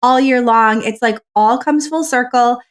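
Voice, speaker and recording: A woman with a fairly high voice co-hosts a podcast in casual conversation. She sounds eager and upbeat, and she uses "like" often. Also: unhurried. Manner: enthusiastic, frequent "like". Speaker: podcast co-host. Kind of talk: casual chat. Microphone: remote recording.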